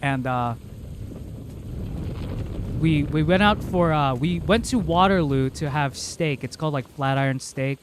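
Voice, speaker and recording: A man from the American South chats in a loose, rambling way while he plays, with a voice pitched a little above average. He tells long stories full of quick laughs and detours. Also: background noise. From Southern United States. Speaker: game streamer. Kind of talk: casual chat while playing.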